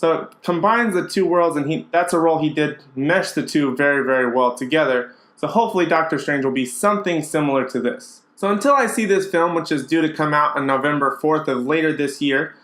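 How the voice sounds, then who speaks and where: A young man talks straight to the camera in a casual, opinionated vlog, often stopping on ums and uhs. His voice sits a little high for a man. The room around him is bare and echoey. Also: a little fast, hardly any pauses, fairly bright tone. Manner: chatty, opinionated, frequent fillers. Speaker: vlogger.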